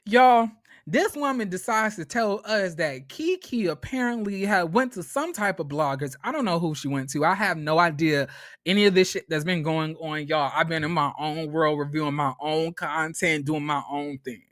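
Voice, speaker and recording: A man with a high, lively voice recaps a reality show. He swears freely and stammers through restarts as he tells the story. The recording is dry and close-up. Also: normal speed, dry recording. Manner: animated, profane, stammering restarts. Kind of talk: casual profane recap commentary.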